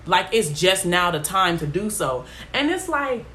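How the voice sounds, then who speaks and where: A young woman talks off the cuff, blunt and rambling, her pitch swinging widely from low mutters to sharp highs. A faint hiss of noise sits under the recording. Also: very animated, unhurried. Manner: blunt, rambling, goes on tangents. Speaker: podcast host. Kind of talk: casual monologue.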